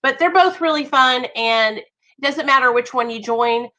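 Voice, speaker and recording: A young woman chatting warmly with viewers on a livestream, greeting them by name. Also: high-pitched, normal speed, rough recording. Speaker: livestream host. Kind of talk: casual livestream chat.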